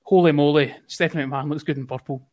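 A man co-hosting a podcast in casual chat, excitable and gushing, swearing freely. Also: fairly high pitch, fast. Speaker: podcast co-host.

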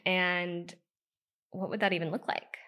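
A woman's voice: lowish voice, fairly even intonation, a little slow, bright, forceful tone. A woman in her thirties from the United States speaks as a podcast guest. She tells her personal story in a candid, heartfelt way. Her speech is loose and conversational, full of "like" and "you know.".

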